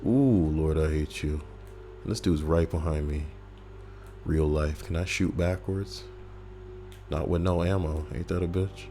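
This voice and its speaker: A man with a deep, low voice rambles through casual gameplay commentary, swearing and wisecracking as he reads a list aloud. Faint music plays underneath. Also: a little slow, long pauses. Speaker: gaming YouTuber. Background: faint background music.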